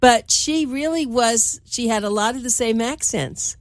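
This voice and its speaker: A woman's voice: on the high side, a little slow, dry recording, studio quality. A woman from Miami Beach hosting an interview, talking in a chatty, hesitant way. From Miami Beach, Florida. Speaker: host. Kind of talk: casual interview talk.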